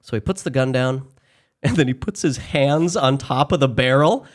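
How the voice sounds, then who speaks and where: A man's voice: medium pitch, moderate pace. A man co-hosting a podcast, chatting casually about a film with jokey, sarcastic asides. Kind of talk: casual movie recap chat.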